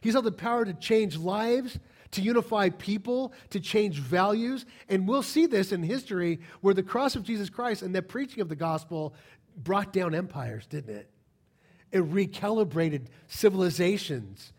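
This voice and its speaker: A preacher with a remarkably high-pitched voice speaks at normal speed to his church congregation. Lively and direct, his sermon is full of rhetorical questions aimed at the listeners.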